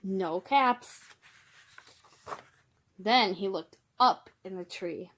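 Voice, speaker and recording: A young woman reading a picture book aloud to children, gentle, calling her listeners friends and gasping for effect. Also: mid-range voice, extremely slow. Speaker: children's storyteller.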